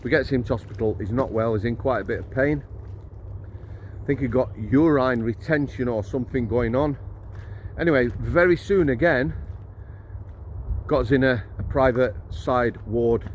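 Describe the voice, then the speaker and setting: A man's voice: mid-range voice, moderate pace, a little hiss or hum. A middle-aged man, a former prison officer telling stories in a chatty, blunt, jokey way. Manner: chatty, blunt and jokey, laughs mid-story, addresses viewers as guys. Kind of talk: casual storytelling to camera.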